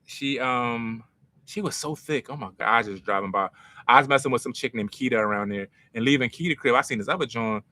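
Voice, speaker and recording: A man's voice: medium pitch, fairly quick, sharp tone. A young man from North Philadelphia with a Philadelphia accent, telling stories in a casual, self-mocking way with street slang as a podcast host. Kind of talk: casual storytelling to a live chat.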